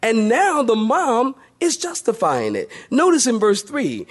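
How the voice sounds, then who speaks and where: A man preaching a sermon in a lively storytelling manner, asking the congregation rhetorical questions. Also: very high-pitched, a little slow, few pauses. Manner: animated, storytelling, acts out voices, rhetorical questions. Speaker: pastor.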